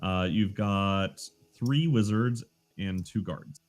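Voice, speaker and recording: Low-voiced male game master. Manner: halting, lots of fillers. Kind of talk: narrating a tabletop game.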